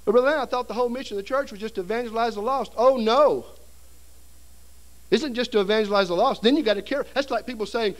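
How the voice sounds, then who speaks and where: With an extremely high pitch, lively intonation, and fast delivery, a middle-aged man preaches at a seminary seminar. He entertains the audience in the hall with a humorous story, acting out the voices and noises.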